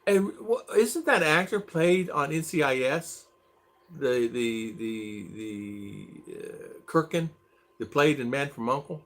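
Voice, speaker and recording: Man, middle-aged, livestream host, chatty, greets viewers by name, bouncy pitch. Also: lively intonation, takes it slowly, fairly bright tone. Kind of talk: casual livestream chat.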